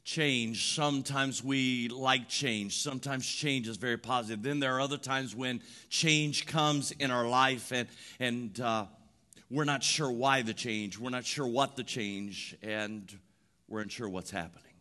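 Guy preaching, slow and drawn out, super bright punchy voice, builds up to shouting. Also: medium pitch. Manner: builds from quiet reflection to shouted emphatic preaching; repetitive, rhythmic emphasis. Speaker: pastor. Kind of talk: sermon.

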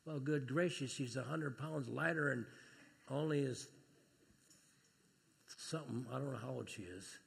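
Gravelly man preaching in an echoey hall. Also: mid-range voice, a little slow, pauses often. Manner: storytelling, rises to loud excited preaching. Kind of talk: sermon with personal stories.

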